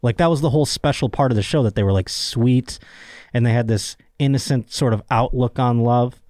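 A man's voice: mid-range voice, brisk, darkish tone, no room sound, clean studio sound. A young man hosting a podcast, rambling and joking crudely in casual chat. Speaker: podcast host.

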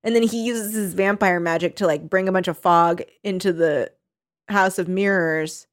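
A woman's voice: on the low side, moderate pace. A woman chatting casually as a podcast co-host, recapping a show with lots of giggles and acted-out quotes. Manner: animated, giggly, acts out quotes.

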